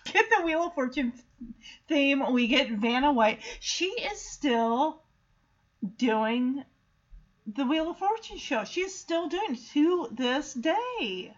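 A woman's voice: high-pitched, expressive, takes it slowly, dull audio. A woman casually recapping a TV episode, chatty and giggly as she tells it. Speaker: show recapper.

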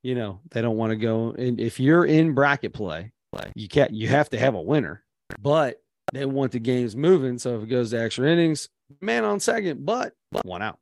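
A man co-hosting a podcast, telling stories in a casual, animated chat. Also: medium pitch, creaky, dry recording. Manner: storytelling, animated, quick asides. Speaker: podcast co-host.

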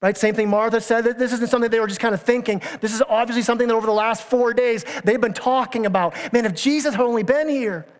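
High-voiced preaching man, reverberant hall. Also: steady tone, fast, hardly any pauses, clear, resonant tone. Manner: earnest, emphatic preaching with repeated questions and stammered restarts. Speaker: pastor. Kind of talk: sermon. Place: church sanctuary. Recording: church hall with long reverb.

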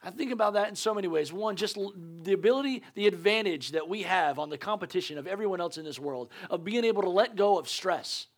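A man's voice: high-pitched, expressive, quick pace, hardly any pauses. A man preaching a conversational sermon as a pastor, earnest and urging, repeating his points with joking asides.

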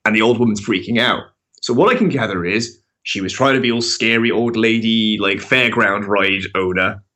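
Man, bright voice, animated storyteller, swears a lot, casual podcast chat. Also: fairly low pitch, normal speed. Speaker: podcast regular telling a story.

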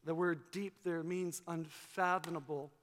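A man's voice: on the high side, fairly even intonation, unhurried. A man preaching a sermon as pastor, with an emphatic, repetitive cadence. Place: church sanctuary. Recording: long hall reverb.

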